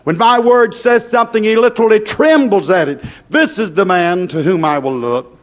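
A middle-aged man preaching a fiery sermon of warning, repeating his points and swinging up and down in pitch. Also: normal speed. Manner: warning, repetitive, rises and drops in pitch.

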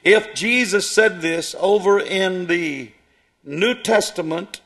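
A man's voice: sits high, slow, a bit bright. A man preaching a sermon, reading long scripture passages aloud and then commenting on them with hesitations.

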